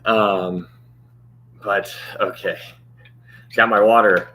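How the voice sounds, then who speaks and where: A man's voice: lowish voice, fairly even intonation, takes it slowly, pushed and bright, a little hiss or hum. A man hosting a livestream Bible study, chatting casually and thanking viewers by name, his voice strained and cutting out. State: strained voice that cuts out.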